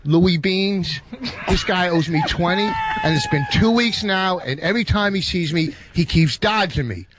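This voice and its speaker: A man reading a scene aloud, playing a young man angry at someone who owes him money, in a flat cold-read manner. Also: high-pitched, normal speed, noisy background. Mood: demanding.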